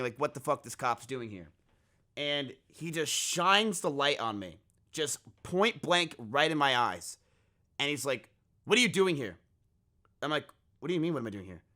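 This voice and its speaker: A young man streaming, telling a story in casual chat, swearing freely and acting out what people said. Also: a little high. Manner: animated, swears freely, acts out quotes.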